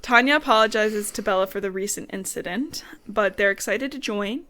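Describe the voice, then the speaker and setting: A woman's voice: mid-range voice, fairly quick, sharp tone. Woman podcast co-host, casual recap, chatty and sweary, lots of quoted asides. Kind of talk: casual book recap chat.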